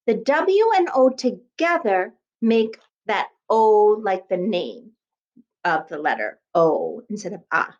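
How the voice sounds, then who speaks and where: Kindergarten teacher lady sounding out words real slow for little kids, muffled lo-fi video sound. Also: fairly high pitch. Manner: slow, sing-song, spells words out sound by sound. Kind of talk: remote lesson for young children.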